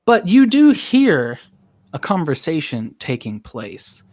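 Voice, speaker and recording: A man narrating a tabletop game as game master, in a relaxed way with fillers. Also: fairly high pitch, slow.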